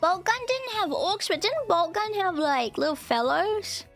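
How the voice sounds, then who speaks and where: A playful woman streamer chats with her viewers in a high voice, unhurried and giggly. She often pauses to thank people. Soft music plays faintly behind her. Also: sing-song. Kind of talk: casual live-stream chat.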